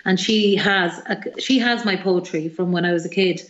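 A middle-aged woman with an Irish accent, a singer-songwriter telling animated, rambling stories as a guest in an interview. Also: on the low side, moderate pace, echoey room, dull audio. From Ireland. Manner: rambling, animated anecdotes with many fillers. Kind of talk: radio interview storytelling.

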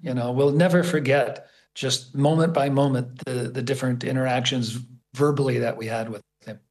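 A man from the United States, a guest sharing memories in an interview, enthusiastic and halting, often repeating words. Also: medium pitch, fairly even intonation, a little mellow. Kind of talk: conversational storytelling.

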